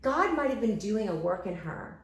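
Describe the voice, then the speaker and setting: A woman hosting a relaxed chat on a walk, telling stories with energy and swinging in and out of the voices of the people she describes. Her voice sits in a middle pitch. The sound is roomy and open, the kind you get from recording outdoors. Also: normal speed. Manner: animated storytelling, acting out quoted voices. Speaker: host. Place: outdoors walking.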